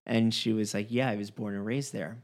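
In casual conversation, a man with a fairly low voice tells a personal story at a fairly quick pace. He's an animated storyteller who acts out the dialogue and restarts frequently.

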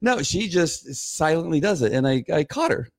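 A middle-aged man co-hosting a casual chat podcast, talking in a rambling way with many restarts and repeated words, and getting animated when he quotes others. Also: on the high side, normal speed, no room sound, clean studio sound. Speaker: podcast co-host.

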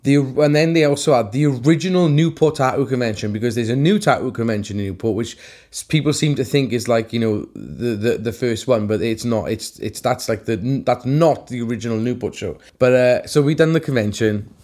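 A man's voice: mid-range voice, a little fast, darkish tone. A middle-aged man, a tattoo artist co-hosting a show, telling rambling, sweary stories full of restarts and "like". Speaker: tattoo artist and podcast co-host. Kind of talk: casual chat.

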